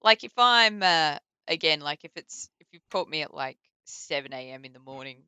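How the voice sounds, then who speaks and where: Laughing Australian woman, bright and clear. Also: deep voice, moderate pace, dry recording. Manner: laughs often, relaxed, many fillers. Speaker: interview guest. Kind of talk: casual interview chat.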